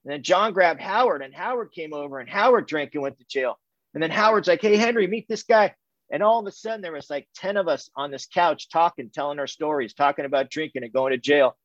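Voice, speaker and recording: A man's voice: on the high side, fairly quick, fairly bright tone, no room sound, highs cut off. A man telling his recovery story in a loose, chatty way, piling up "and, and" and sprinkling in "man" and "dude", with self-mocking humor. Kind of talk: personal testimony told as casual storytelling.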